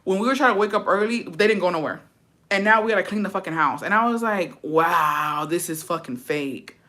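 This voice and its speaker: A woman's voice: mid-range voice, a little fast. A woman vlogger who reads viewer comments aloud and reacts, telling her own stories in a blunt, slangy, profanity-heavy way. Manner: animated storytelling.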